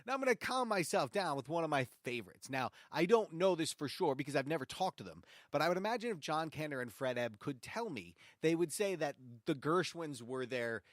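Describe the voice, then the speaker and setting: A man hosts a show-tune radio program, ranting playfully and then apologizing. His voice sits on the high side and swoops up and down a lot. It is recorded close and dry, with no room sound. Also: no room sound. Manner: animated and jokey, with mock-angry rants and quick apologies. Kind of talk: casual commentary on show tunes.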